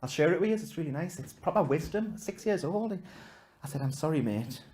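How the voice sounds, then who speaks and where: A man doing stand-up comedy, telling a story to a live audience in a self-mocking way, swinging from loud punchlines to hushed asides. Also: a little high, brisk.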